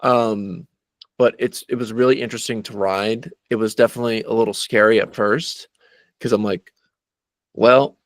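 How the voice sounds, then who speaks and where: A man in casual podcast chat, talking in a relaxed, halting way with many filler words. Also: lowish voice, dry recording. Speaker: podcast co-host.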